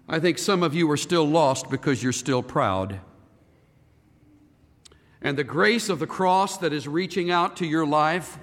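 A man preaching a sermon as a pastor, animated and firing rhetorical questions at the congregation. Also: fairly high pitch. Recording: reverberant hall.

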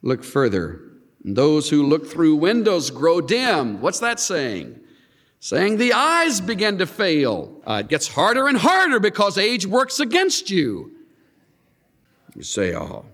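A man preaching a sermon, reading scripture aloud and acting out quoted lines with an animated, swinging delivery. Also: slow pace. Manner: animated, swings high and low to act out quotes. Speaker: pastor. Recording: long hall reverb.

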